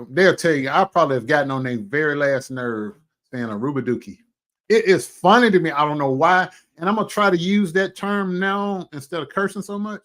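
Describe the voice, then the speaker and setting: A man hosting a casual livestream chat, animated and exclamatory, with folksy asides and many drawn-out hums between remarks. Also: on the high side. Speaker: livestream host.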